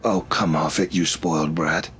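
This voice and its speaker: A man's voice: very deep voice, steady tone, moderate pace, fairly bright tone, slight background noise. A man voicing a detached, haughty young man who is a dead serial killer, speaking coldly and dismissively. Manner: cold, dismissive, sneering.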